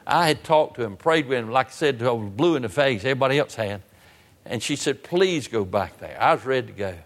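A man preaches from the pulpit and tells a long story to his church. He restarts and repeats words often. When he retells his pleas, his voice climbs high and gets loud. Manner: repetitive restarts, rising to raised emotional pitch when retelling his pleas. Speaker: pastor. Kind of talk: sermon storytelling.

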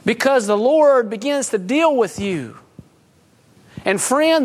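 A man's voice: high voice, animated, a little slow. A middle-aged man preaching a sermon, mixing folksy stories and chuckles with urgent, earnest appeals. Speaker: pastor.

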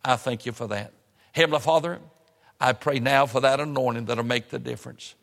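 A man's voice: medium pitch, gravelly, a bit bright. A preaching man in an echoey church. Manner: rising, emphatic preaching cadence with drawn-out phrases. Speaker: pastor. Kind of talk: sermon. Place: church sanctuary. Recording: church hall reverb.

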